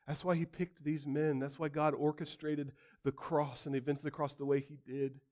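A man preaching a sermon, acting out quotes dramatically and swinging from loud outbursts to hushed lines. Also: fairly high pitch, flat delivery, moderate pace.

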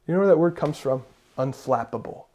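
A man's voice: fairly high pitch, a little slow, mellow, highs cut off. A man preaching a sermon as a pastor. He preaches emphatically, repeats his key phrases and asks the congregation rhetorical questions.

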